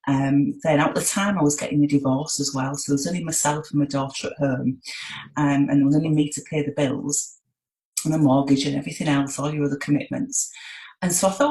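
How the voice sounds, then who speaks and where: A middle-aged woman from England speaks in a relaxed British accent, her voice sitting low. She chats openly and down to earth as a guest, sprinkling in "you know". The room around her has a noticeable echo. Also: a little fast. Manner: chatty, down-to-earth, many "you know" fillers. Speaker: hypnotherapist guest. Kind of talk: interview conversation.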